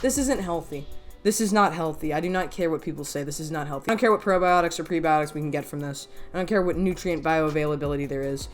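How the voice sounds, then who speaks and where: A woman's voice: sits low, quick pace, few pauses, faint music behind. A woman hosting a reaction commentary video, talking in a blunt, exasperated, slangy way.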